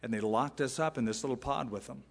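A man's voice: mid-range voice, quick pace, creaky. Emphatic male pastor in a reverberant hall. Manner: emphatic, uses rhetorical questions and asides. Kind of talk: expository sermon. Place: large church sanctuary. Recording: long reverb in a large hall.

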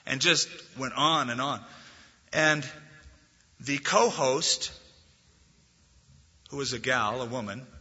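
A man pastor delivering a sermon, telling stories with animated delivery and rising loudly when quoting scripture. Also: medium pitch, slow, pauses often, slightly rough. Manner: animated storytelling, swelling loud on scripture quotes. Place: church sanctuary. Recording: dull lo-fi recording in a reverberant hall.

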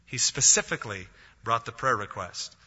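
A man's voice: mid-range voice, lively intonation, moderate pace, sharp tone, husky. A man preaching a sermon as pastor, telling a story and acting out the voices of the people in it. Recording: dull lo-fi audio, long hall reverb.

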